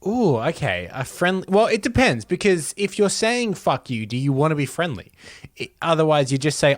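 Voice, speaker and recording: An Australian man co-hosting a relaxed podcast, his voice a touch high and very lively in its ups and downs. The sound is dry and close, with no room around it. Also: normal speed, no echo. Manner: playful storyteller, mimics others' voices. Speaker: podcast co-host. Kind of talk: casual podcast chat. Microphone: remote recording.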